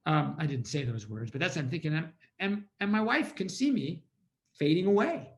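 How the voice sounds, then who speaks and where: A man's voice: fairly high pitch, lively intonation, moderate pace. A man giving an inspirational storytelling talk over a video call at a community holiday event, acting out his own past thoughts.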